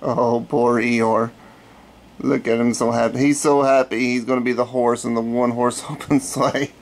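A middle-aged man reading a children's storybook aloud in a relaxed way, with chatty asides. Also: medium pitch, normal speed.

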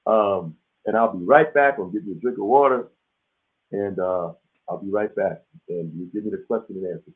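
A man hosting a webinar in a casual, lively way, acting out the voices in the stories he tells. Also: lowish voice, normal speed. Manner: animated storytelling, acts out quoted dialogue. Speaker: webinar host. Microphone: video call. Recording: tinny phone-like audio.

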